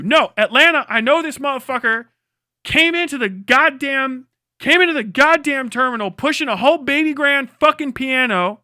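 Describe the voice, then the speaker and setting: A man's voice: very high-pitched, animated, moderate pace, bright, forceful tone, dry recording, studio quality. A man, the live streamer, delivering a rambling, profane comedic rant.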